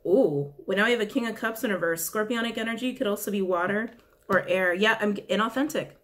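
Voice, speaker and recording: A woman at a middle pitch for her sex gives a loose, conversational tarot reading. She speaks casually and bluntly, swears without hesitation, and keeps repeating her questions to the cards as she draws. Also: fast. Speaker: tarot reader.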